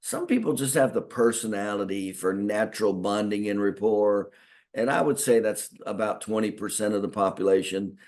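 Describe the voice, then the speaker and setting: A man's voice: on the low side, normal speed, a little mellow. A man teaching chiropractors in a folksy, repetitive lecture, acting out bits of talk with patients. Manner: folksy, repeats himself, acts out patient talk. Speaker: chiropractic consultant teaching doctors. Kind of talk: spoken training lecture.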